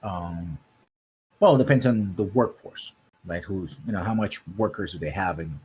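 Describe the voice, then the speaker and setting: A man's voice: low voice, moderate pace, a little mellow, husky. A man running a tabletop game as game master, describing scenes at length and often checking in with the players. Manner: descriptive, keeps checking in with "right?".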